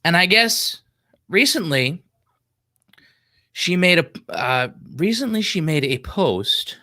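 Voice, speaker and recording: A man's voice: high voice, very animated, takes it slowly, pushed and bright. A man hosting a solo livestream, chatting casually in a rambling, profane way and getting sidetracked. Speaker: livestream host.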